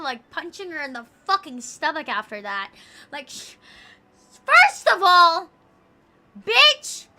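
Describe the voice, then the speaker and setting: Bright high-voiced profane woman streamer. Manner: profane, rambling, giggly. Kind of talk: casual livestream chat.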